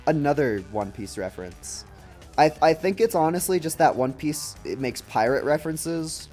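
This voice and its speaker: A man's voice: fairly high pitch, animated, normal speed, darkish tone. A young man giving casual, chatty live commentary while playing a video game, laughing often and slipping into silly voices. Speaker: streamer. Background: faint game music.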